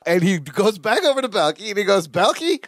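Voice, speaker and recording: A man with a high, very lively voice, recapping a sitcom with a podcast partner. He acts out the characters' lines as he tells the story. The sound is dry and close. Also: fast talker, no room sound. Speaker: podcast co-host. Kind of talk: casual recap chat.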